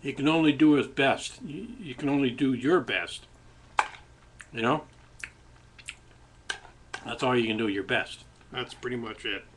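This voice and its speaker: Guy rambling to his webcam, mid-pitch voice, eating while he talks, keeps restarting his sentences. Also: measured pace, pauses often, noisy background. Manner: rambling, musing, with many restarts and "you know". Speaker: vlogger hosting his own webcam show. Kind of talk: casual reflective webcam monologue. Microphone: webcam microphone.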